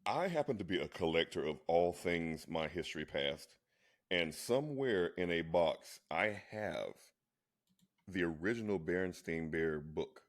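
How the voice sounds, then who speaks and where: A man's voice: sits low, unhurried. A man co-hosting a casual chat, talking insistently and restarting his words a lot. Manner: insistent, animated when arguing; many restarts and repeated words. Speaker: co-host.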